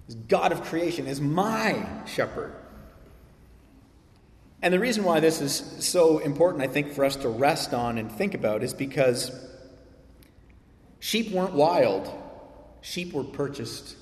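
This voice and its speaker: A man preaches a sermon in a reverberant church hall, his fairly high voice sounding a little distant from the mic. He reads scripture slowly and solemnly, then breaks into lively, animated asides aimed at the kids. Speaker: pastor.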